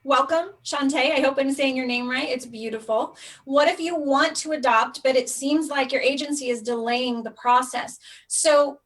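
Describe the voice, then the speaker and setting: A woman's voice: sits high, steady tone, normal speed, few pauses, fairly bright tone. A woman hosting a live stream, talking in a casual, earnest and heartfelt way straight to her viewers. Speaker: live stream host on foster care.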